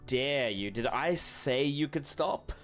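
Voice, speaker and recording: A pampered old dog, voiced by a man that sounds indignant and huffy, speaking in a smooth, ordinary-pitched voice. He is a grumpy pet demanding attention. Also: lively intonation, slow, fairly bright tone, faint music behind.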